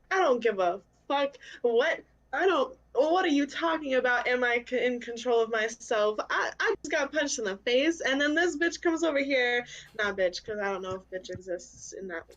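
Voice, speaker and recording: A woman's voice: on the high side, lively intonation, normal speed, fairly bright tone, muffled recording. A woman playing a tabletop game who talks in a blunt, fiery, profane way. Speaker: player. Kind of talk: casual tabletop chat.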